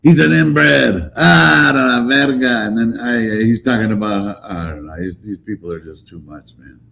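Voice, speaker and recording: A man hosting a casual live stream, talking in animated, profane banter with bits of Spanish slang. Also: medium pitch, normal speed, gravelly, a little hiss or hum.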